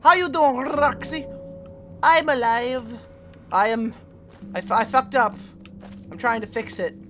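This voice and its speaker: A woman's voice: a little high, unhurried, fairly bright tone, slight background noise. A woman streaming a video game, chatting casually with her viewers and swearing freely as she plays. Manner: chatty, swears freely, talks to chat while playing. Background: game music.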